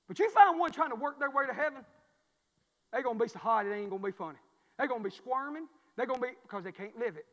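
Preacher, high voice, church reverb. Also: male voice, expressive, quick pace, fairly bright tone. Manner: emphatic, folksy, repeats phrases for emphasis. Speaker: pastor. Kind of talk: preaching a sermon. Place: church sanctuary. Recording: long reverb of a church hall.

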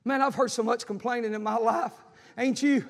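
A man's voice: very high voice, steady tone, normal speed. A man preaching a fiery sermon, repeating lines with emphasis. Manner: Southern preacher cadence, repetitive and emphatic, acting out quoted voices. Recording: echoing hall.

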